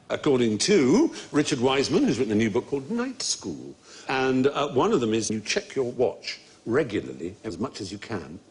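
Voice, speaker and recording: A man hosting a comedy panel quiz, explaining things in a chatty way and laughing easily. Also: mid-range voice. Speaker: quiz host. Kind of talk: panel show chat.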